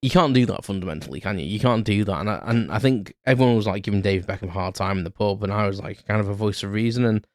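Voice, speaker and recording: Rambling British man with a low voice. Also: quick pace, hardly any pauses, a little mellow, no echo, clean studio sound. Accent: British English. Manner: rambling, many restarts and fillers. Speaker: podcast host. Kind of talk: unscripted solo storytelling. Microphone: close podcast mic.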